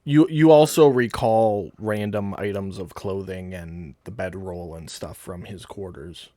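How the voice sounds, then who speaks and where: A man narrating as game master in a tabletop game, calm and matter-of-fact. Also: low voice, measured pace.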